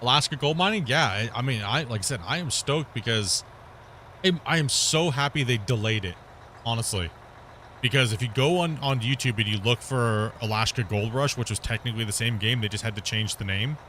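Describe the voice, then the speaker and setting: A man's voice: mid-range voice, fairly quick, pushed and bright, slight background noise. A man chatting casually while streaming live gameplay, rambling, laughing often and swearing casually.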